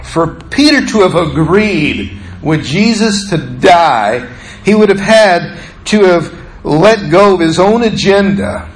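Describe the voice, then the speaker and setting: A male pastor preaching a sermon with animated delivery, acting out the scripture. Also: high-pitched, slow pace, reverberant.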